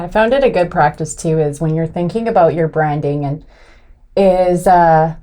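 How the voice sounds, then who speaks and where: This podcast co-host is a woman with a lowish voice who chats casually. An animated storyteller, she laughs frequently and performs the lines other people said.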